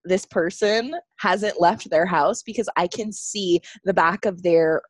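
A woman's voice: fairly low pitch, a little slow, no echo. A woman co-hosting a podcast in casual chat, talking candidly, swearing and laughing often. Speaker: podcast co-host. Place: home, lived in Los Angeles.

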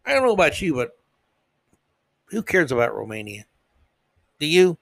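A man's voice: fairly high pitch, very animated, moderate pace, gravelly, fairly bright tone, no echo. A man hosting a podcast, delivering a sarcastic, mock-outraged comedic monologue into a close microphone. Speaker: podcast host.

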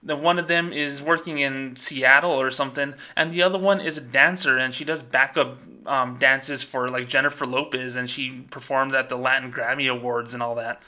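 A man in his thirties hosting a casual commentary show, ranting in an animated way with quick asides. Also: medium pitch. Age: 30s. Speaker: host.

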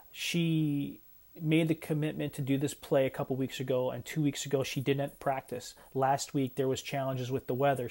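A middle-aged man talking in a casual vlog, emotional and choked up, halting with many fillers. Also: mid-range voice, darkish tone. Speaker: parent vlogger.

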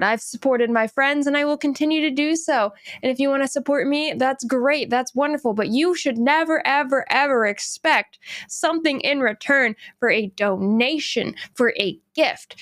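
Young woman doing a solo podcast, blunt and candid, kinda high voice. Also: no room sound, studio quality. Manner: candid and blunt, heated when scolding. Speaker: podcast host.

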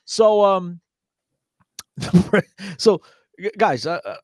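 A man telling a story in casual chat, animated and laughing, acting out quotes from other people. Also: high-pitched, very slow, dry recording, studio quality. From New Jersey.

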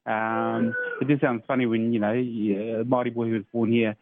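A New Zealand man co-hosts over a phone call, speaking at an ordinary middle pitch. He rambles along in no hurry, filling gaps with uhs. The line is tinny and narrow, with clear hiss behind him. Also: level tone, brisk. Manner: easygoing, rambling, frequent fillers. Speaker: co-host. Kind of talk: casual chat.

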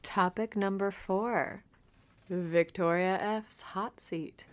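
A woman reads out numbered segment titles at a medium pitch. Her delivery is brisk and deadpan. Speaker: segment announcer.

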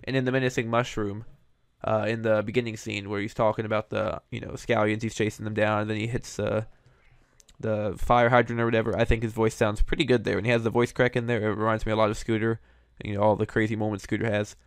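A man's voice: on the low side, little pitch movement, fast, clean tone, no echo. A man hosting, giving casual, hedging commentary on cartoon voice recasts, with frequent fillers. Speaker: host reviewing voice recasts.

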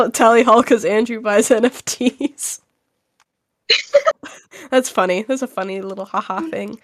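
A young woman with a high, bright-sitting voice rants in an animated, over-the-top way, repeating "literally" as she goes. The sound is dry and close, with no room around it. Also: no room sound. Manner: animated, exaggerated ranting with frequent "literally". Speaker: podcast co-host. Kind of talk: casual chat.

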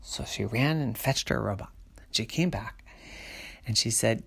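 Slow, gravelly man reading a bedtime story. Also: on the low side. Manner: soft, often whispered, hushed.

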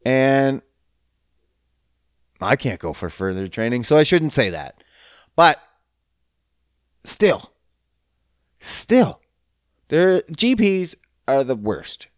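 Animated profane man ranting. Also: medium pitch, slow, pauses often, dry recording, clean studio sound. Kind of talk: casual ranting monologue.

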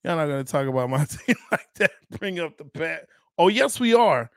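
Lively-pitched man bantering on a podcast. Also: moderate pace, vocal fry, no echo, studio quality. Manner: animated, laughs often, teasing. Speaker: podcast co-host. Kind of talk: casual sports chat.

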